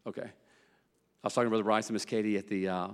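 A man preaching a sermon. He tells stories in a folksy, humorous way and swings between loud, excited telling and low, hushed emphasis. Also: racing. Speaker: pastor. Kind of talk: sermon with storytelling. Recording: long hall reverb.

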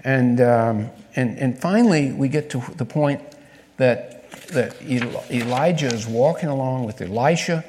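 A man's voice: medium pitch, a little slow, darkish tone, slight background noise. A man preaching a conversational sermon, telling a story and asking his listeners questions. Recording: long reverb of a large hall.

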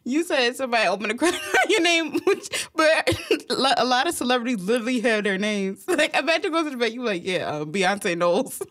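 High, lively giggly woman in her twenties. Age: 20s. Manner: giggly, reactive, quick interjections. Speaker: podcast co-host. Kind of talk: casual chat.

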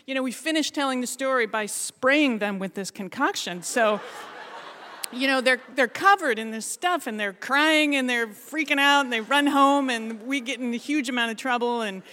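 A middle-aged woman from Alaska telling a funny personal story to an audience in a lively, self-mocking way, laughing often. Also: high-pitched, moderate pace, slight background noise. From Alaska, USA.

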